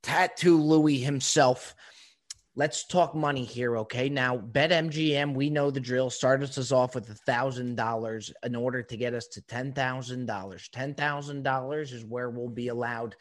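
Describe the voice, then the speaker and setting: A man's voice: medium pitch, steady tone, normal speed. A man hosting a podcast, teasing his co-host with playful exasperation in casual comedic banter.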